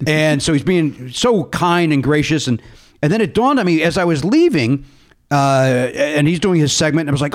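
A man's voice: a little high, normal speed. A man hosting a casual comedy podcast, telling stories and acting out the people in them with raised voices. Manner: animated storyteller, acts out quotes in raised voices. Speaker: podcast host.

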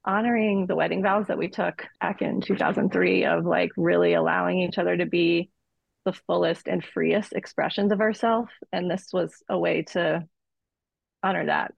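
A woman in her forties talks as a podcast guest, reflective and earnest, her words loosely strung with "like." Her voice is deeply gravelly with vocal fry and a husky edge. The sound is dry and a little muffled. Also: fairly even intonation, normal speed, no echo. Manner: reflective, earnest, many "like" fillers. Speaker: guest, midlife coach. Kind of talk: conversational interview.

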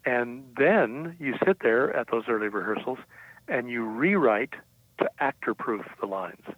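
A man's voice: mid-range voice, expressive, measured pace, no echo. An older man, a writer being interviewed, telling stories about his past with self-assurance and frequent fillers and restarts. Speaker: guest writer. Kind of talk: reflective storytelling. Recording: tinny, dry phone-like line.

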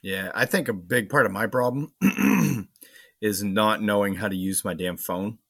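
A man's voice: fairly low pitch, measured pace, creaky, fairly bright tone, dry recording. A man from Maine with a light Maine accent, co-hosting a casual podcast chat, joking and swearing freely. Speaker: podcast co-host.

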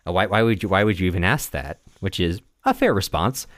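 Low-voiced man rambling through a book recap. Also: lively intonation, fairly bright tone, dry recording, clean studio sound. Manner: rambling, halting with many restarts and fillers, laughs often. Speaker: podcast co-host.

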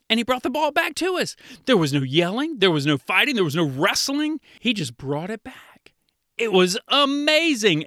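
Bright-voiced pastor man talking to kids. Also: high voice, no room sound, studio quality. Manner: lively, storytelling, acts out quoted kids. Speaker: children's pastor. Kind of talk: kids' devotional talk.

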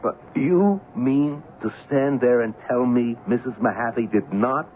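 An actor playing a blustering, self-serving male theater producer who is brusque and excitable, in a 1970s radio drama. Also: medium pitch, unhurried, natural voice. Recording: tinny 1970s radio broadcast, faint hiss.

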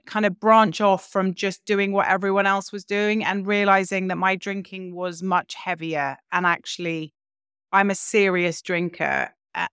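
A woman's voice: mid-range voice, fairly bright tone, clear, resonant tone, dry recording, studio quality. A woman, a podcast guest telling her own story in a frank, reflective way. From London, England. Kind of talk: candid personal storytelling.

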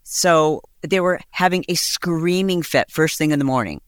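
A middle-aged woman hosting a podcast, chatting casually and acting out overheard quotes with big jumps in pitch. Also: moderate pace, clean tone, no room sound, clean studio sound. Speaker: podcast host. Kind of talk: casual storytelling chat.

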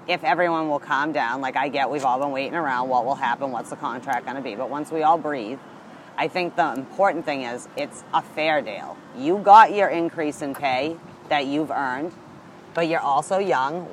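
A man's voice: on the high side, slight background noise, low-quality recording. A man co-hosting a casual sports talk show, chatty and upbeat with lots of "like" in his talk. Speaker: co-host of a hockey talk show. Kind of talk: casual chat.

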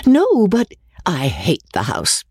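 A woman's voice: lowish voice, very animated, moderate pace, a little mellow, slightly rough, no room sound, clean studio sound, heavily acted. A woman voicing a bitter, defiant young woman who speaks with fierce scorn, in a storybook reading. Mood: furious.

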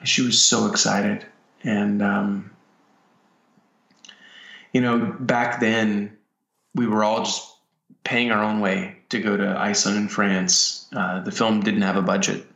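A man, a filmmaker, reflecting in a personal way, talking haltingly with frequent pauses and restarts. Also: lowish voice, flat delivery, gravelly, a bit bright. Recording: roomy, dull lo-fi sound.

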